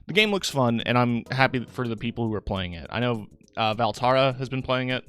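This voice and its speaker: A man's voice: medium pitch, a little fast, clear, resonant tone. A young man streaming live, chatting casually with his audience in a rambling, tired way full of fillers. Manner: rambling, relaxed, talks to chat with fillers. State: tired, yawning.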